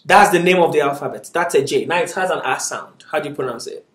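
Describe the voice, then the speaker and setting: A man's voice: on the high side, fast, a bit bright, roomy sound, recorded from a distance. A man teaching a beginners' Arabic class, patiently drilling syllables aloud and constantly checking that his students are following. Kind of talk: classroom lesson.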